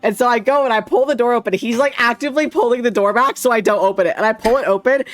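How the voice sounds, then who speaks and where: A man in casual chat on a stream, telling an animated, swearing-filled anecdote. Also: very high voice, quick pace, no room sound. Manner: animated storyteller, swears freely. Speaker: streamer guest.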